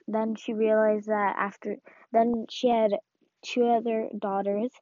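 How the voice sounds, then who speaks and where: A woman's voice: mid-range voice, no echo. A woman giving a casual devotional talk, rambling and full of "like" and "um". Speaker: faith talk host. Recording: dull, dry lo-fi recording.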